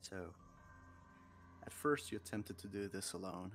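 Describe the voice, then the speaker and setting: A male game master narrates a tabletop scene in a measured, unhurried way. His voice sits on the low side, and his pace is slow and deliberate. Faint music plays beneath him. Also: lively intonation, a bit bright.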